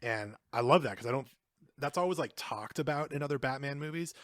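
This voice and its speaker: A man's voice: mid-range voice, brisk, a bit bright, no echo, studio quality. A man co-hosting a podcast, talking loosely and at length about a film, with lots of swearing and filler words. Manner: loose and rambling, heavy swearing, many fillers. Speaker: podcast co-host. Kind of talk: casual film discussion.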